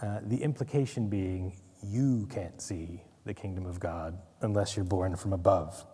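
A man's voice: low voice, unhurried, dark tone, husky, in a large hall. A man giving a casual Bible study lecture, conversational, with wry asides and frequent "right?" checks. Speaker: Bible teacher.

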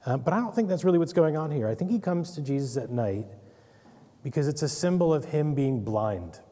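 Mellow-voiced man teaching in a reverberant hall. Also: fairly high pitch, expressive, a little fast. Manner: conversational, asks "right?" often, wry asides. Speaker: Bible teacher. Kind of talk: casual Bible study lecture.

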